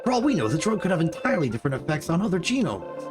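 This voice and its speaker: An actor playing a cautious, earnest young male doctor objecting to a rushed trial in a game cutscene. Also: fairly high pitch, very animated, over music. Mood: alarmed. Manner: urgent, objecting.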